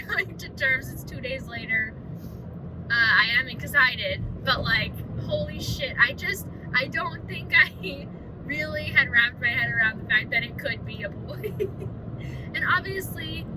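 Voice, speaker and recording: Chatty young woman vlogging with background noise. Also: high-pitched. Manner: candid, swearing, rambling with many fillers. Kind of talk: casual chat. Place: home at night.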